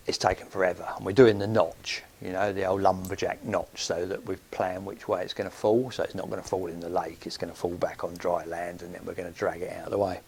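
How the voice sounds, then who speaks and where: A man's voice: low-pitched, a little hiss or hum. A middle-aged man, telling a rambling, chatty anecdote full of ums on his podcast. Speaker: podcast host. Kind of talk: anecdotal storytelling.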